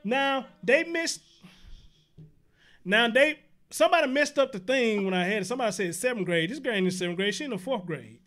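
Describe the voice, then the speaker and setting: A man's voice: very high-pitched, lively intonation, a little fast, a bit bright. A man hosting an online show, reacting to a viral video with incredulous rhetorical questions. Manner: incredulous, laughing through outrage, rhetorical questions. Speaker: show host. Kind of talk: reaction commentary.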